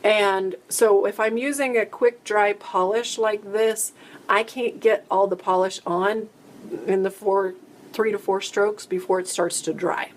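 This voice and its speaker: A woman's voice: medium pitch, a little hiss or hum. A woman hosts a casual live-stream chat, talking through viewer questions in a rambling, friendly way. Her voice sits in a middle register, and she keeps stopping and restarting her sentences. Faint room ambience hums behind her. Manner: chatty, rambling, self-interrupting. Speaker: host answering viewer questions.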